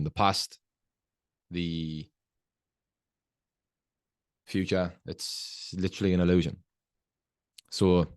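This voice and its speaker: Deep-voiced man giving motivational talk. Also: darkish tone, dry recording, studio quality. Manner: earnest, slow, emphatic coaching tone. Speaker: podcast host. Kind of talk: motivational podcast monologue.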